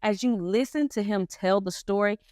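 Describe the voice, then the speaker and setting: A woman's voice: mid-range voice, normal speed, warm tone, no room sound, studio quality. A woman casually retelling a story in slangy commentary, acting out the quotes as she goes. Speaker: commentary host.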